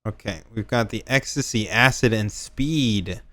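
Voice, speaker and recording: A man's voice: fairly low pitch, a little slow, bright, forceful tone, dry recording. A man co-hosting a reaction stream, chatting animatedly and sarcastically and laughing often. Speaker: stream co-host. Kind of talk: casual reaction-stream chat.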